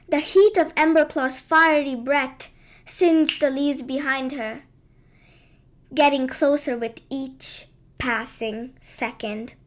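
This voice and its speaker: A woman narrating a children's bedtime story in a gentle, lilting and unhurried way. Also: high voice.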